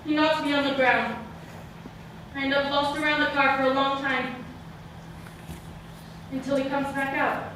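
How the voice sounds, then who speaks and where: Young woman, solo stage monologue, dramatic hushed-to-shouting delivery, high voice, echoey hall, distant mic. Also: little pitch movement, measured pace, long pauses, a little hiss or hum. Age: young adult. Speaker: student performer. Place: theater stage, live audience hall.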